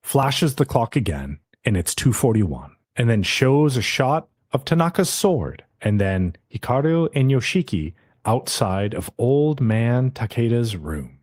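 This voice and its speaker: A man in casual podcast talk, walking through an anime episode scene by scene and slipping into quick character voices along the way. His voice sits at an ordinary middle pitch, recorded close and dry with no room sound. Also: very animated, a little mellow, no room sound. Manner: retells scenes, briefly putting on the characters' voices. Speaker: podcast co-host. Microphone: podcast mic.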